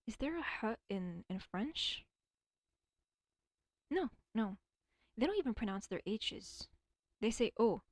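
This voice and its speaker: A woman's voice: a little high, big pitch swings, takes it slowly, long pauses, no echo, studio quality. A young woman streaming alone, chatting casually and rambling, swearing often and stuttering at times. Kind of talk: casual livestream chat.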